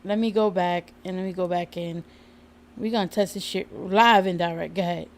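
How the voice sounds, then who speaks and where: A woman's voice: lowish voice, fairly even intonation, brisk, soft background music. A woman co-hosting a casual livestream, laughing often and talking loosely with some swearing. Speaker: livestream co-host. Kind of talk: casual live-stream chat.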